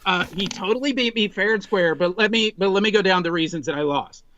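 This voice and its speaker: A man in his forties, a podcast guest, telling an animated, rambling story in casual chat, full of restarts. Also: high voice, quick pace, dry recording, dull audio.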